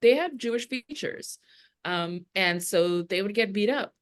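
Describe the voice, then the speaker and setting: A woman's voice: mid-range voice, expressive, a little slow. A woman from the former Soviet Union, a guest on a podcast, earnestly telling family stories and repeating words as she explains. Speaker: podcast guest, Jewish educator. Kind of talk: conversational storytelling.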